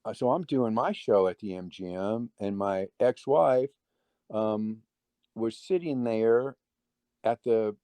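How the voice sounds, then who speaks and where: A man's voice: on the low side, slow pace, warm tone, no echo. A middle-aged man, a guest magician, telling long stories in a casual interview, rambling with many restarts and quoting other people's words.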